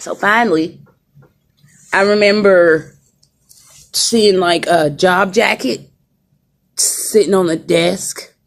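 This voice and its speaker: Talking to viewers on a laid-back stream from her hospital room, a woman rants forcefully and keeps repeating herself. She takes it slowly, pausing often, in a fairly low-pitched voice.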